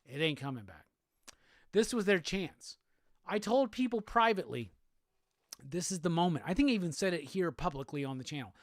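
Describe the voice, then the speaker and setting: An angry man hosting his own live show, cursing constantly and hammering the same lines over and over. His pitch leaps and drops with feeling. The sound is dry and close, with no room around it. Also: expressive, normal speed, no room sound. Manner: profane, repetitive, heated. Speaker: host. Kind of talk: angry solo commentary rant.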